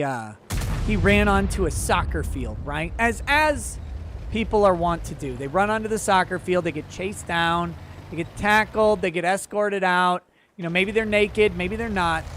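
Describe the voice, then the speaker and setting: A man streaming a game, reading out viewer messages and ranting loudly with frequent laughter. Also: high-pitched, no room sound. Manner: loud, laughing, exaggerated rants. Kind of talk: casual ranting commentary while gaming.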